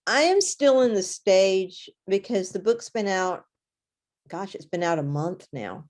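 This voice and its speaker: A woman's voice: mid-range voice, lively intonation, unhurried, a little mellow. A woman author being interviewed, chatting casually and acting out her own reactions as she tells a story. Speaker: guest author.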